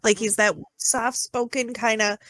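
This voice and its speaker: A woman with a fairly high voice chats on a movie podcast. She is friendly and quick to agree. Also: steady tone, a bit bright. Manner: agreeable, chatty. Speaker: podcast co-host. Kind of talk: casual podcast chat.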